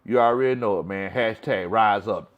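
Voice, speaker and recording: A man's voice: fairly low pitch, normal speed, muffled recording. Man near forty, casual fan-show host, stumbles and repeats words, easygoing. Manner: relaxed, repeats words often as he talks. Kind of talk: casual fan livestream chat.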